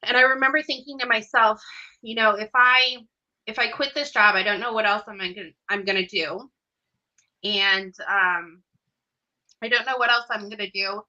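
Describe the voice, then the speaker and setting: Bright-voiced woman telling a heartfelt story. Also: medium pitch, moderate pace, highs cut off. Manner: earnest and heartfelt, with hesitant fillers. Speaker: podcast guest. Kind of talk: personal storytelling in conversation.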